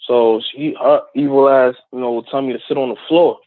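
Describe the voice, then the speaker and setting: A man with a mid-range voice calls in from New Jersey to tell a story. He speaks casually, stops and restarts often, and fills pauses with "um." The sound is a tinny, dry phone line. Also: medium pitch, fairly even intonation, no echo. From Plainfield, New Jersey, USA. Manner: casual, halting, with fillers. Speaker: caller. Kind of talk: call-in storytelling.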